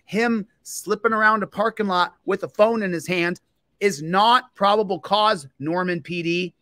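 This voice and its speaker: A man's voice: sits high, steady tone, moderate pace, bright, forceful tone, dry recording, studio quality. A man hosting a livestream, ranting angrily and repetitively at a police department, fired up and confrontational. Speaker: livestream host and police auditor. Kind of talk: angry livestream rant.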